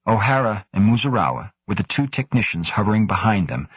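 A male narrator reading fiction aloud in a low, husky voice. The recording is close and dry, with no room around him. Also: very animated, a little fast, no room sound. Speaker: audiobook narrator. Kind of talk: scripted narration.

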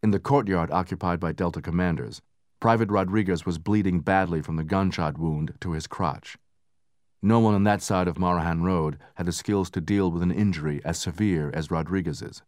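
A man narrating a book in steady, measured scripted narration, raising his voice for the soldiers' lines. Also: sits low, dry recording, clean studio sound. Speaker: audiobook narrator.

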